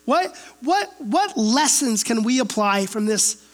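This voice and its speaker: A woman preaches in a relaxed, chatty way. She walks through scripture like she is telling a story to friends and keeps checking in with her listeners. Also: fairly high pitch, slow. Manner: casual, storytelling, frequent rhetorical "right?". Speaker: pastor teaching a Bible chapter. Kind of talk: conversational sermon.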